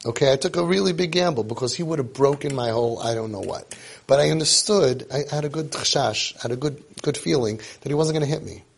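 A man's voice: mid-range voice, quick pace, vocal fry, husky. A man coaching parents in an informal lecture, emphatic and repetitive, who drops Hebrew and Yiddish terms into his talk. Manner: acts out parents and kids in quotes.

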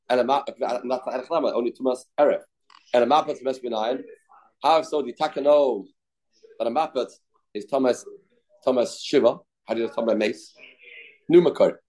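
A man's voice: mid-range voice, a little mellow. Man teaching Talmud in sing-song repetition. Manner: talks in a sing-song study rhythm, repeating phrases; mixes English with Hebrew and Aramaic terms. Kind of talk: Talmud study lesson.

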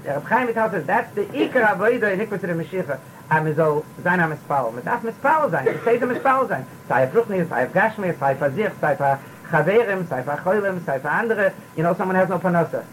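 Give me a man preaching a rabbi's sermon, halting and repetitive, with a faint hiss behind. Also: sits high, animated, fairly bright tone, rough recording. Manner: halting, repeats words, mixes in Yiddish phrases. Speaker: rabbi giving a Torah talk.

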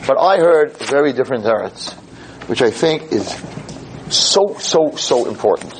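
A man teaching a Torah class to a live audience, animated and explaining with everyday stories and questions to the room. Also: medium pitch, a little slow, a little hiss or hum, low-quality recording. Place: in front of an audience.

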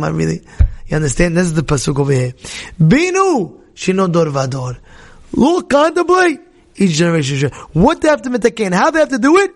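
A man teaching a Torah class in an animated storytelling style, acting out dialogue with many restarts and swinging between loud and soft. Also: fairly high pitch, a little fast.

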